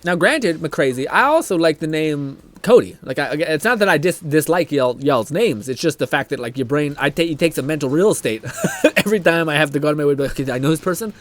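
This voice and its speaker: A man's voice: on the high side, animated, a little fast, a bit bright. A young man streaming live, chatting casually, reading chat aloud, laughing often and swearing freely.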